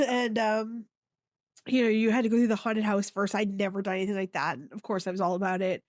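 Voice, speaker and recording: A woman from Maine co-hosting a podcast, telling stories in a casual, animated way and laughing along. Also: medium pitch, a little fast, dry recording, clean studio sound. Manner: animated, lots of "like" fillers, laughs. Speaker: podcast co-host. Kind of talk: casual storytelling.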